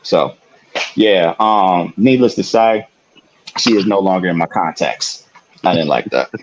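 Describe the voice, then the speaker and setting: A man's voice: sits low, unhurried, muffled recording. A man co-hosting a podcast, telling a story in casual chat, laughing often and swearing freely. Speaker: podcast co-host.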